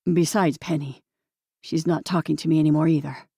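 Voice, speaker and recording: An anxious young man, earnest and pleading as he tries to set things right, as a woman reads him aloud. The voice is mellow and gravelly, sitting close and dry. It is an audiobook figure with a steady middle pitch. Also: brisk, dry recording, full character voice.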